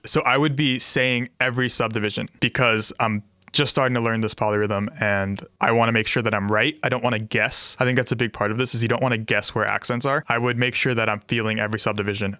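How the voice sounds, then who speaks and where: Guitarist co-host, male, bright edge, scats rhythms to demonstrate, dry close mic. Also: mid-range voice, steady tone, a little fast, no echo. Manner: explains rhythm by scatting syllables aloud. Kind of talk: casual instructional chat.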